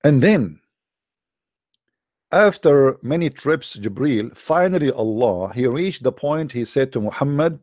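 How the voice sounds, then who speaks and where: A man's voice: mid-range voice, expressive, unhurried, darkish tone, dry recording, clean studio sound. A man in a live-streamed religious debate talk, mocking his opponents with sarcastic rhetorical questions in broken English. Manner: non-native broken English grammar.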